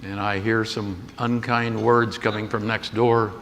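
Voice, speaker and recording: Un hombre mayor, de voz algo grave y timbre brillante, cuenta anécdotas con aire campechano en una conferencia. Su voz resuena en una sala grande con eco largo, y se oye un leve ruido de fondo. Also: male voice, fairly low pitch, level tone, a little slow, fairly bright tone. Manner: folksy anecdotal storytelling with quoted dialogue. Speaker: keynote speaker. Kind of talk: storytelling keynote. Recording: echoey hall with faint noise.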